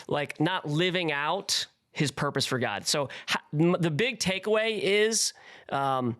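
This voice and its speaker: A young man, a pastor and co-host, chatting casually, animated and rambling, laughing often. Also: fairly high pitch, clean tone. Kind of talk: casual chat.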